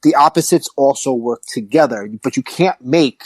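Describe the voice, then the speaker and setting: A man hosting a podcast in casual chat, talking in an animated, emphatic way that rises to excited peaks. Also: mid-range voice, normal speed, dry recording, rough recording. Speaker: podcast host.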